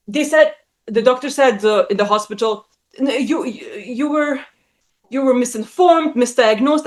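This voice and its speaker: Animated, blunt-talking woman telling a story. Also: normal speed. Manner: acts out quoted voices with big pitch jumps. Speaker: guest. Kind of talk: casual chat.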